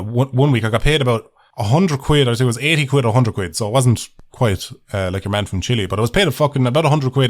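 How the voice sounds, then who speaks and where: Guy ranting and swearing, mid pitch, keeps laughing at his own jokes. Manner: sweary, mocking, laughs often. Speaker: comedy vlogger. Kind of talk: casual ranting monologue.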